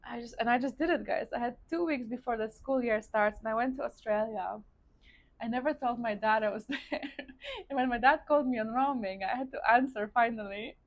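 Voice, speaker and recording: A fairly high-pitched, fairly quick woman's voice belongs to a vlogger from Poland who speaks with a Polish accent. Seated indoors and eating on camera, she chats casually about her own life, using "like" frequently and calling her viewers "guys."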